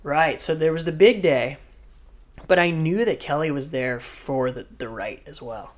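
A man telling a story in casual chat, animated, acting out quotes and laughing. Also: fairly high pitch, unhurried. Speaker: guest surfer.

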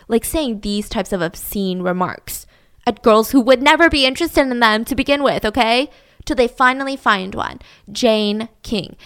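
A woman's voice: a little high, a bit bright, clear, resonant tone. A young woman hosting a podcast, telling a crime story in a chatty, conversational way. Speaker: podcast host. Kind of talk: casual true-crime storytelling.

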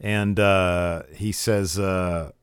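A man co-hosting a casual chat, recapping events and retelling scenes in lively quoted voices. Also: low-pitched, drawn-out words, smooth, no room sound, clean studio sound. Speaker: podcast co-host recapping wrestling.

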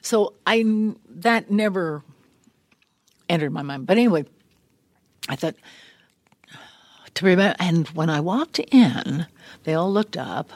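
Animated older woman telling stories. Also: lowish voice, measured pace, pauses often, no room sound. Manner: animated, laughs often, acts out remembered lines. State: voice a little worn. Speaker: guest. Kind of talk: casual interview storytelling. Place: large studio room.

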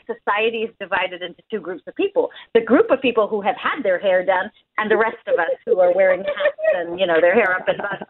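A woman guest chatting casually over a phone line. She laughs often and fills her talk with "like". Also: mid-range voice. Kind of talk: casual chat. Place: at home in the UK.

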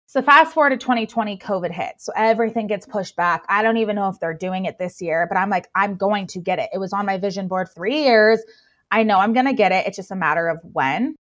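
Excitable young woman telling her story. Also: medium pitch, fairly quick. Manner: gushing, filler-heavy, excitable. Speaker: guest, plus-size model. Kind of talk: casual storytelling interview.

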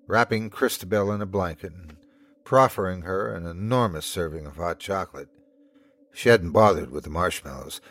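A man hosting and narrating a scripted horror story in a measured, dramatic way. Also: on the low side, no echo. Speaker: host and narrator.

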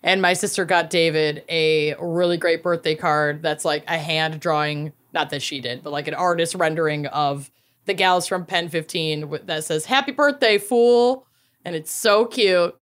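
A woman's voice: low voice, fairly even intonation, moderate pace, fairly bright tone. A woman co-hosting a podcast, telling stories in casual chat and laughing often. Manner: chatty storyteller, laughs often. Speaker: podcast co-host.

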